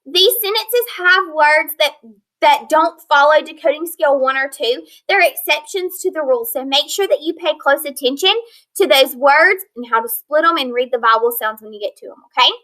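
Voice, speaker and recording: Woman teacher doing a phonics lesson, high bright voice, slow and clear on each sound. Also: poor audio. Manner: slow, clear modeling of word sounds with praise and prompts. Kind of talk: recorded phonics lesson for young students.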